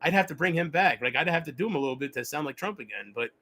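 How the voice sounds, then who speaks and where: A man talking alone on a livestream, rambling and reflective, often halting and restarting his sentences. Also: fairly high pitch, expressive, pushed and bright. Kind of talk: rambling solo livestream talk.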